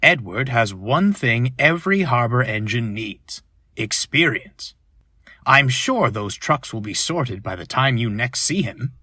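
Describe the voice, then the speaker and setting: A man's voice: medium pitch, lively intonation, unhurried, dry recording, clean studio sound. A man voicing Toby, a cheerful old male tank engine who talks reassuringly, in a storybook reading. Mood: kindly. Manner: warm, reassuring.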